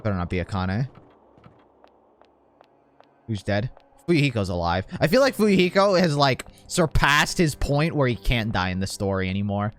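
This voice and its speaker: A man's voice: fairly low pitch, animated, moderate pace, long pauses, fairly bright tone. A young man casually commenting on a game, swearing freely and reading its text aloud. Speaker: let's play gamer.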